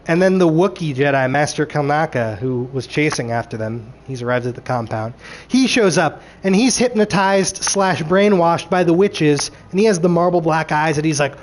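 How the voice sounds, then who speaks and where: A man ranting through a show recap, animated and frustrated, swearing freely and acting out characters' lines. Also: fairly high pitch. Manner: acts out characters' lines in quick voices.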